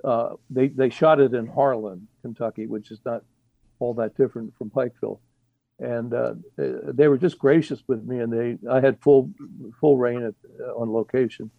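A man's voice: medium pitch, steady tone, normal speed, creaky, no echo. Hesitant man with a dull, dry sound. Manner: rambling, hesitant, many restarts and fillers. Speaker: author guest. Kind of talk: casual interview.

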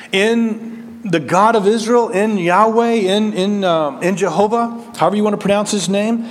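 A man preaching a verse-by-verse sermon, animated, acting out the voices he quotes and restarting words as he goes. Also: high-pitched, in a large hall. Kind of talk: expository sermon.

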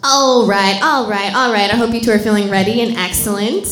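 A woman hosting a live comedy game on a bar stage, playful and quick to laugh. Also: mid-range voice, steady tone, roomy sound, crowd noise. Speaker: game show host.

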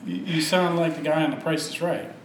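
A man co-hosts a podcast, talking in a dry, blunt, teasing way with a slightly raised pitch. The room is echoey, with faint ambience underneath. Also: a little fast, slight background noise. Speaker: podcast co-host. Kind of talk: casual podcast banter.

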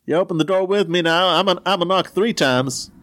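A man's voice: high voice, fairly quick, fairly bright tone. A man playing a trucker in a tabletop role-play, talking in a drawling style with radio sign-offs. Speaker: player.

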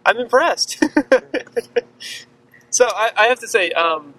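A man's voice: extremely high pitch, lively intonation, slow, fairly bright tone. A man interviewing campers outdoors, hesitant and full of fillers and small laughs. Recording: noisy outdoor recording from a distance.

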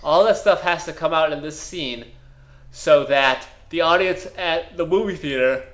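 A man co-hosting a comedy podcast, rambling and deadpan as he riffs on an imagined movie. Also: on the high side, normal speed. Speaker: podcast co-host. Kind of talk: casual comedic chat.

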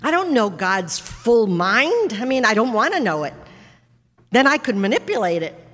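Lively woman preaching in an echoey hall. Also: on the high side, moderate pace. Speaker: guest speaker giving testimony. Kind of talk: animated testimony storytelling. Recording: echoey hall with long reverb.

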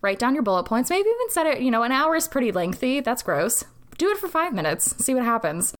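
A woman's voice: high-pitched, sing-song, a little fast. A woman hosting a casual solo podcast, giving advice with sarcastic jokes, swearing and playful asides. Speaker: podcast host.

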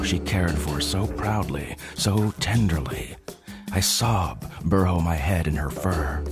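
A man narrating a scripted story for a podcast in a hushed, intimate way. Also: rumbling low. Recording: music playing behind.

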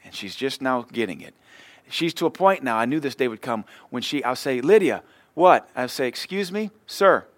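A pastor preaches in a conversational style, his medium-pitched voice animated and brisk. He acts out brief everyday exchanges as short dialogues, and the recording is dry.

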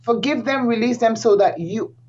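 A woman's voice: fairly high pitch, normal speed, darkish tone, dull audio. A woman guest in an interview, speaking earnestly and emphatically, often repeating her key phrases and laughing. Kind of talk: conversational interview.

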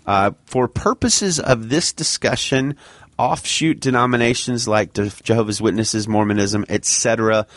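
A man's voice: lowish voice, normal speed, a bit bright, dry recording. Male podcast co-host, teasing, explains topics, dry studio sound. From Alabama. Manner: bantering, reads quotes aloud. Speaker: podcast co-host, segment presenter. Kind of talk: casual chat.

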